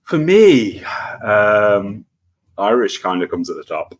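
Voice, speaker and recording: A man co-hosting a podcast in casual chat, easygoing and laughing, often pausing on fillers. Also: lowish voice, very animated. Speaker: podcast co-host.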